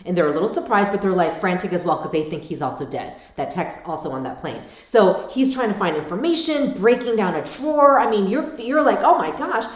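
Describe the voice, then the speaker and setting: A middle-aged woman talking casually to camera about parenting, animated and addressing viewers directly. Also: medium pitch, fairly quick, hardly any pauses. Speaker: parenting vlogger. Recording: echoey room.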